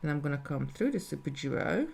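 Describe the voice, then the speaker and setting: A woman's voice: sits low, sing-song, a little fast, creaky, a little mellow, a little hiss or hum. A woman talking through a live beading tutorial step by step, thinking aloud as she works. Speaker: jewellery designer teaching beading.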